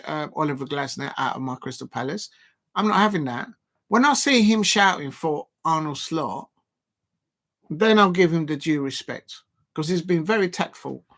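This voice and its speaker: Brief: male stream host, raised pitch, animated and indignant, chatty fan commentary. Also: vocal fry. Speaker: football watch-along host. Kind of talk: live-stream chat reading viewer comments.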